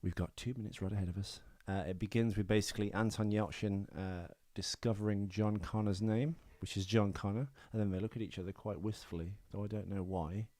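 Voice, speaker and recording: A man's voice: on the low side, fairly even intonation, a little fast, hardly any pauses, mellow, dry recording. A young man hosting a casual podcast, teasing his co-host with dry banter.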